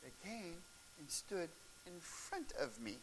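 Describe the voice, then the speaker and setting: Lively high-voiced male preacher. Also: slow pace. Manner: animated, shouts and laughs at the peaks of stories. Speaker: pastor. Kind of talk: sermon storytelling. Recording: faint hiss.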